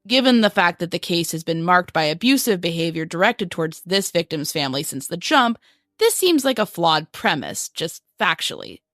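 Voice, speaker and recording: A young adult woman narrates a true-crime podcast from a script, keeping her delivery measured and even. Her voice sits a little low. The sound is dry and close, with no room in it. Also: no echo. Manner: measured, reads quotes aloud flatly. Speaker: podcast co-host.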